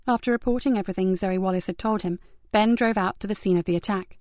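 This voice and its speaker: A woman reads a crime thriller audiobook in an even, measured voice of middle pitch. The sound is close and dry, with no room around it. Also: no room sound. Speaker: audiobook narrator. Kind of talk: scripted narration.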